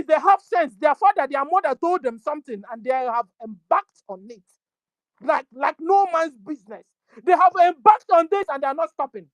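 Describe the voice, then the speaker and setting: A woman with a Nigerian accent giving an impassioned political address, scolding her listeners over and over and rising to shouts. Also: high-pitched, no echo, low-quality recording. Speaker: activist speaker.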